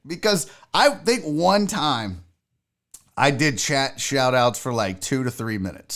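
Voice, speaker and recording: A man's voice: on the high side, sing-song, normal speed, fairly bright tone. A man hosting a live show in casual, rambling talk, joking and swearing and talking straight to his chat. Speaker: live show host and comedian.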